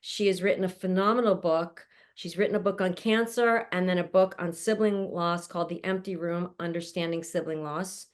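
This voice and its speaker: A woman's voice: lowish voice, steady tone, normal speed, hardly any pauses. A woman hosting an online panel, introducing each guest in an effusive, chatty way and laughing often, speaking from home. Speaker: show host introducing a panel. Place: at home, mother nearby.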